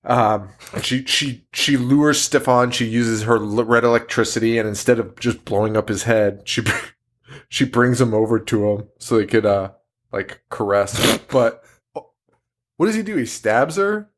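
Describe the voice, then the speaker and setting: A man's voice: mid-range voice, measured pace. A man co-hosting a horror movie podcast, chatting casually with lots of swearing and laughter. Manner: animated, profane, laughs a lot. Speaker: podcast co-host. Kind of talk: casual movie-review chat.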